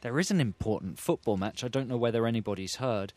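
A man co-hosting a podcast, teasing and deadpan in casual comic chat. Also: mid-range voice, fast talker, no echo. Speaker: podcast co-host.

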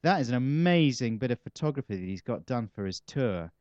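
A man's voice: medium pitch, sing-song, brisk, darkish tone, no echo. Wry rambling man, muffled dry sound. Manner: rambling, self-mocking, wry. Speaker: comedian interviewee. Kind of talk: casual interview chat. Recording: slightly muffled dry recording.

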